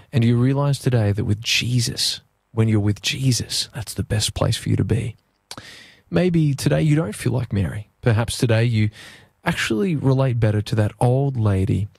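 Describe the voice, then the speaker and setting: A man preaching as a pastor, then leading a prayer, in an earnest, gentle way with slow emphatic phrases. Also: medium pitch, vocal fry, slightly rough, dry recording, clean studio sound. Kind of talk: sermon and prayer.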